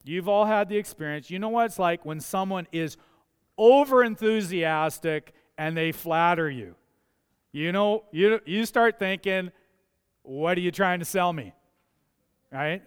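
A man preaches from the pulpit, talking in a chatty way and leaning into his key points. His voice sits high and is clear and smooth. The church livestream carries a long, ringing hall reverb. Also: measured pace. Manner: conversational, anecdotal preaching with rising emphasis. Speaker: pastor. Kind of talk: sermon. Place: church sanctuary.

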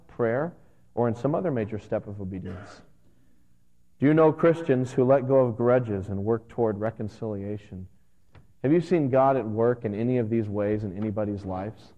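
A man in his thirties, a pastor, giving a conversational and earnest sermon that gets animated at times. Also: medium pitch. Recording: dull lo-fi sound with long hall reverb.

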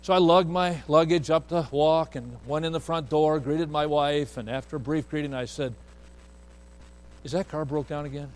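A man's voice: fairly high pitch, normal speed, hardly any pauses, poor audio. A man preaching, telling a family story in a folksy way and acting out the voices of the people he quotes. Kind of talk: storytelling sermon.

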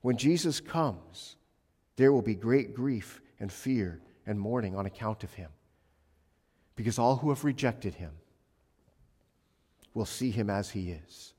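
A male pastor preaching a sermon with emphasis, swinging between loud passages and hushed ones. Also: on the low side, lively intonation, a little slow, long pauses, slightly rough. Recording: long reverb of a large hall.

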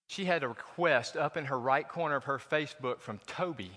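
A man's voice: medium pitch, brisk, hardly any pauses, pushed and bright, long reverb tail. A man preaching a sermon as a pastor, in a conversational, joking manner full of personal stories. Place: church.

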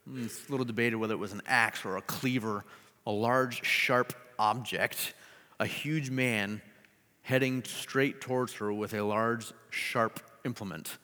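A man preaching a sermon, telling a story with animated delivery and joking asides. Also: fairly low pitch, moderate pace, in a large hall. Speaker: pastor.

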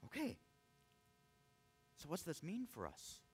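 A man's voice: on the high side, wildly swooping pitch, slow pace, slightly rough. A man preaching a sermon, earnest and emphatic, often restarting his words as he presses a point. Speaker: pastor.

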